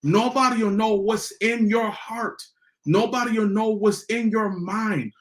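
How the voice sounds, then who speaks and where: A man's voice: high-pitched, fairly even intonation, unhurried. Man, podcast host, motivational talk, repeats lines for emphasis, echoey room.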